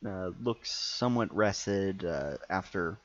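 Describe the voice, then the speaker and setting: A man narrating a tabletop game as game master, halting and full of fillers. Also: sits low, animated, dry recording, highs cut off. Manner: hesitant, filler-heavy narration.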